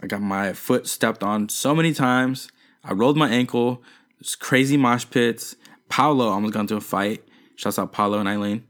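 A young man in casual chat, telling stories in an animated way with lots of slang and swearing. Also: fairly low pitch, moderate pace. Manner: animated storytelling with slangy, profane delivery.

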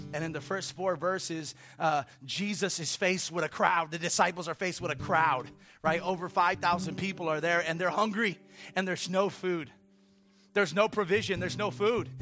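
A man preaching a conversational sermon in a church, telling a story in an animated way with playful asides. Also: fairly high pitch, fairly quick, soft background music. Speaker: pastor.

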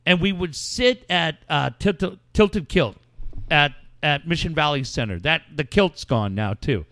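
A man's voice: a little high, lively intonation, measured pace, fairly bright tone, no echo. A man hosting a podcast, telling long stories in casual, profanity-heavy chat. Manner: profane, rambling storyteller. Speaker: podcast host.

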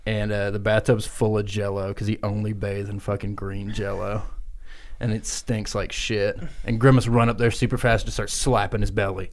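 A man co-hosting a podcast, telling an improvised comic story in a crude, energetic way and laughing as he goes. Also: lowish voice, moderate pace. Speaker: podcast co-host.

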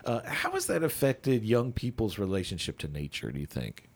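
A man's voice: fairly low pitch, breathy edge. Easygoing middle-aged male interview host. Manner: relaxed, encouraging, quick short affirmations. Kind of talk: conversational interview.

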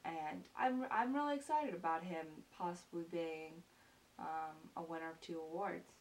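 Young woman vlogger, low-ish voice, earnest and gushy, lots of ums, mic kinda far off with faint hiss. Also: moderate pace. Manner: earnest, gushing, many ums and repeats. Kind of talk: casual chat to camera.

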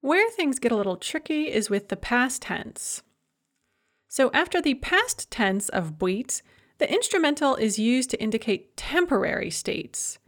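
A woman giving a recorded language lecture, explaining grammar clearly and reading example sentences aloud. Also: fairly high pitch, very animated, unhurried.

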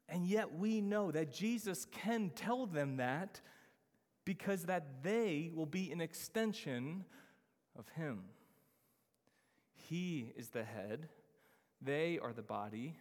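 A man preaching a sermon as pastor, emphatic, slowing down to stress key phrases. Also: a little high, expressive, a little mellow, long reverb tail.

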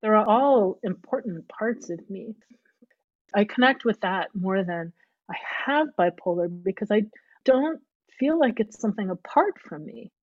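Woman guest thinking out loud, lots of restarts, dry slightly muffled audio. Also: medium pitch, expressive, unhurried, no echo. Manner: thoughtful, searching, frequent restarts. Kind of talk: reflective conversation.

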